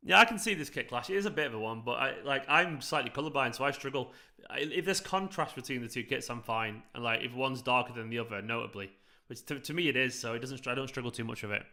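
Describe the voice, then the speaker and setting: A man's voice: mid-range voice, quick pace, sharp tone. A man hosting a live football watchalong, chatting casually and reacting to the match while answering viewers. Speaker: fan channel host.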